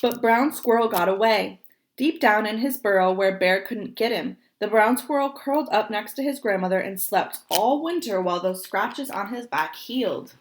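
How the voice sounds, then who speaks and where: A woman's voice: mid-range voice, normal speed, slight background noise. Woman reading a picture book aloud. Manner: gentle, expressive, points at the pictures. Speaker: storybook reader.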